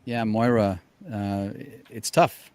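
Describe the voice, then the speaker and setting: Low-voiced man, thoughtful guest. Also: little pitch movement, background noise. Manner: thoughtful, halting with restarts. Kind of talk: casual chat.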